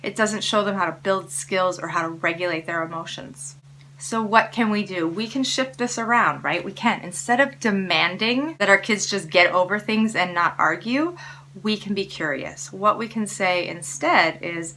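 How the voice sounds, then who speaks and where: Speaking casually to camera, a parenting educator shares tips and coaches her viewers directly with warm encouragement. Her voice sits on the low side at a normal pace, pushed and bright, with a slight background noise.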